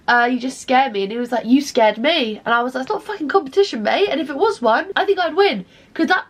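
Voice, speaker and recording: A woman's voice: high voice, rough recording. Congested, sweary young woman. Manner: chatty, rambling, sweary storytelling. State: congested with a cold. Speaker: vlogger. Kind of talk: casual chat to camera.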